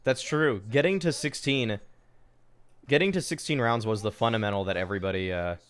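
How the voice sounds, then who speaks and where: A young man with a smooth, resonant voice comments on an old match during a live stream. He talks casually and swings quickly between disbelief and exasperation, peppering his lines with fillers and mild swearing. His pitch sits in an ordinary middle range. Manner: excitable, exasperated, swears, many fillers like "dude".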